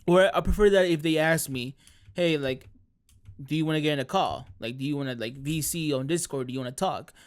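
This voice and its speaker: Brief: male streamer, casual rambling chat, slightly higher voice, laughs between self-corrections. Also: fairly quick, clean tone.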